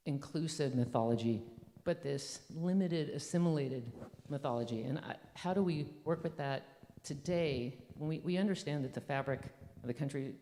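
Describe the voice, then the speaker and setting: An audience member asking a long question at a church forum, halting and searching for words. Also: medium pitch, dark tone, long reverb tail, slight background noise.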